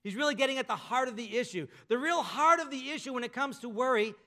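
High, bright-voiced preaching man. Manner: emphatic preaching with slow drawn-out endings. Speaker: pastor. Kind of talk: sermon.

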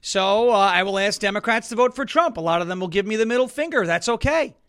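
Male political commentary host, high and bright tone, sarcastic and emphatic. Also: expressive, quick pace, clear, resonant tone. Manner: sarcastic, mocks opponents in put-on voices; loud emphatic outbursts.

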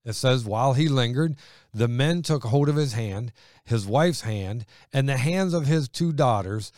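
A male preacher delivers a fervent sermon, pressing his points with emphasis and swinging between loud declarations and quieter asides. His voice sits in a middle pitch. The sound is dry and close, with little room around it. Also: animated, measured pace, no room sound.

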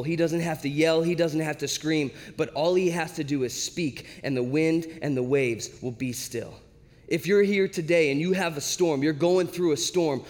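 A male preacher giving a sermon as casual, animated storytelling. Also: on the high side, in a large hall.

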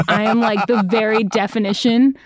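A woman's voice: on the high side, fairly even intonation, normal speed, no echo, studio quality. A young woman voice actor chatting as an interview guest, bubbly and self-deprecating, laughing often. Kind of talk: casual interview chat.

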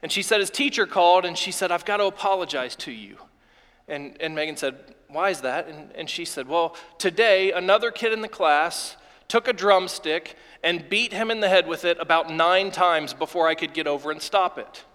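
Pastor, male, 30s, high voice, emotional sermon storytelling with restarts, long church reverb. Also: normal speed, fairly bright tone. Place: church sanctuary.

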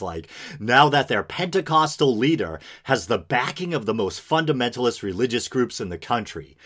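A man's voice: fairly low pitch, lively intonation, normal speed, fairly bright tone. A man hosting a podcast, reading news aloud and commenting sarcastically with chuckles. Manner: sarcastic, laughs while reading. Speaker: podcast host.

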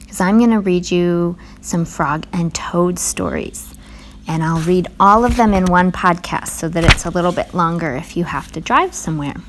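A woman reading a children's story aloud to her nephews in a gentle, unhurried way. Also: lowish voice, slight background noise.

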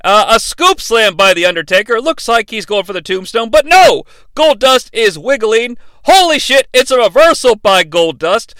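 A man's voice: sits high, animated, normal speed, hardly any pauses, bright, forceful tone, smooth, no room sound. A man hosting a podcast, giving a comedic play-by-play recap with sarcastic, profane asides. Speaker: podcast host recapping a wrestling event.

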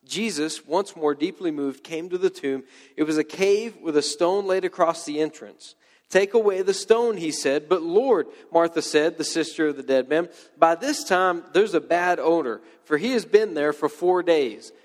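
A man's voice: fairly high pitch, normal speed, big-room sound. A man preaching a sermon in a conversational way, with joking asides and playful quoted voices. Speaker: pastor.

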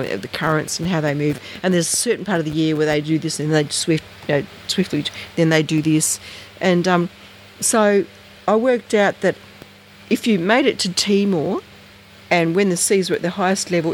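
An Australian researcher telling a story in casual, rambling talk, acting out conversations with big jumps in pitch. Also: a little hiss or hum. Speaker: interviewee, researcher.

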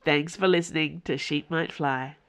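A woman's voice: low voice, steady tone, normal speed, a bit bright. A woman author from Tasmania, reading her fiction aloud as podcast narrator. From Tasmania, Australia.

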